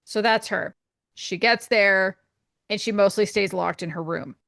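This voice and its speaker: Gravelly Canadian woman, dry close sound. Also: mid-range voice, fairly bright tone, dry recording. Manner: rambling explanations, quick asides, frequent laughs. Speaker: podcast co-host. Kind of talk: casual chat.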